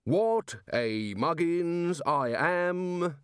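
A man's voice: on the high side, animated, drawn-out words, clean tone, no room sound, studio quality, pitched above the performer's own voice. A man voicing a bellowing, pompous old male college porter who enunciates each word with stubborn care. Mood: blustering. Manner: loud, each word enunciated with bulldog carefulness.

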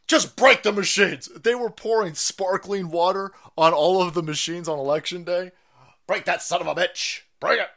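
A man hosting a ranting political livestream, loud and mocking, laughing often and mimicking other people's voices. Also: fairly high pitch. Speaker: livestream host.

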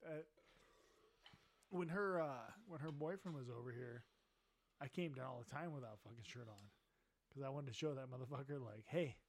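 A man's voice: mid-range voice, normal speed, creaky, long pauses. A middle-aged man on a podcast, telling a story in a boisterous, profane way and laughing as he talks. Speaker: podcast co-host. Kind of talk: casual drunken storytelling.

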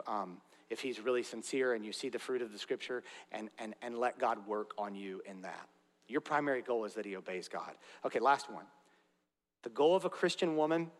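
Earnest preaching man in a reverberant hall. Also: medium pitch. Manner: earnest preaching with conversational asides. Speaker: pastor. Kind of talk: sermon. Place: church sanctuary. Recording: long reverb of a large hall.

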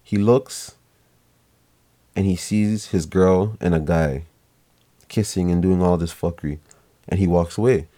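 A man's voice: low voice, a little slow, long pauses. A young man casually telling a family story to camera, rambling, swearing now and then and acting out what people said. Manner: relaxed, rambling, swears casually, acts out quotes.

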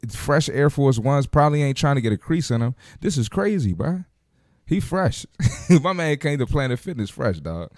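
A man's voice: medium pitch, very animated, normal speed, a little mellow, no echo, studio quality. A man hosting a podcast, reacting to video clips with blunt, joking, slangy trash talk. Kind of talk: casual reaction commentary.

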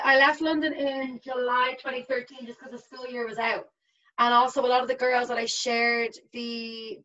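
A woman's voice: on the high side, a bit bright. A young woman in her twenties talking casually as a guest, full of fillers. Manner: chatty, uses many fillers. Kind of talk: casual conversation. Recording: slightly dull lo-fi sound.

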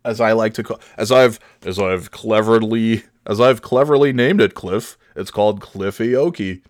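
Speaking at a normal speed in a voice on the low side, a young man tells casual, wandering stories on his podcast. The studio recording has no echo, and his tales are crude and self-deprecating.

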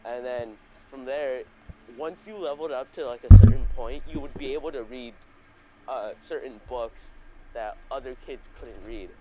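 A young man in the middle of a laid-back storytelling chat, rambling and swearing freely and circling back on his own words. His voice sits at an ordinary pitch, and a faint hiss of noise runs under the recording. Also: moderate pace, dark tone, low-quality recording. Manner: rambling, profane, full of fillers and restarts. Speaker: podcast host.

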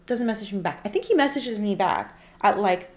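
An animated woman co-hosting a chat show, telling her own stories and acting out the texts she got. Her voice sits in a middle register. The recording has a roomy echo. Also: mid-range voice, brisk. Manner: animated, acts out quoted texts. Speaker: podcast co-host. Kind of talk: casual chat, storytelling.

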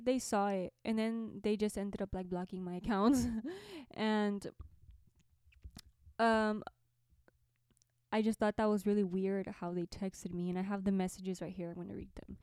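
Here a podcast host who is also a musician, a young woman, chats through a story to camera from a small orange bedroom near a window, laughing frequently and leaning on lots of fillers. Her medium-pitched voice is steady, darkish and smooth, and she takes her time with frequent pauses. The audio is studio quality with no echo.

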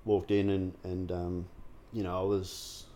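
Male guest, low voice, raw and frank, salty language, loose conversational delivery with fillers. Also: little pitch movement, a little slow, dark tone. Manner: frank and unguarded, heavy swearing, many fillers and restarts. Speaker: guest sharing his recovery story. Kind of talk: candid conversational interview.

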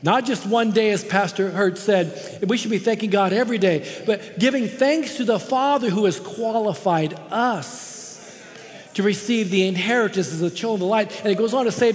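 A man's voice: sits high, normal speed, in a large hall. A man preaching a sermon as a guest preacher in a church, impassioned and emphatic, repeating words for stress. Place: church sanctuary.

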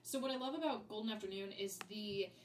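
A woman's voice: mid-range voice, quick pace, slight background noise. A young adult woman co-hosting a podcast in casual chat, giggling often and quoting lines in playful voices. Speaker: podcast co-host.

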